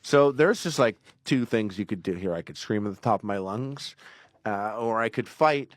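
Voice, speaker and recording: A man's voice: lowish voice, moderate pace, dry recording, clean studio sound. A man casually telling a long personal story on a podcast, rambling with fillers and acting out quotes. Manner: rambling, animated, acts out quotes in raised voice. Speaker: podcast guest.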